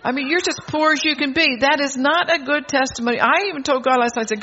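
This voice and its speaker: Older man, very high voice, bold exhorting sermon, chuckles between lines, dull lo-fi sound. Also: quick pace, pushed and bright. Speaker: preacher. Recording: dull lo-fi recording.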